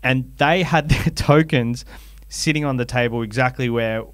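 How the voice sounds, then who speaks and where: A man's voice: medium pitch, moderate pace, no room sound. A man with an Australian accent co-hosting a fantasy footy podcast, telling stories animatedly and laughing often. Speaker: podcast co-host. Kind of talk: casual chat, storytelling.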